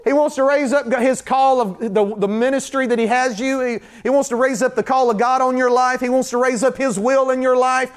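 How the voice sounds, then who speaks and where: A man's voice: very high-pitched, steady tone, a little fast, few pauses, clean tone. A man preaching a sermon in a church, chatting with the congregation and acting out little scenes, then building into fervent repetition. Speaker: pastor.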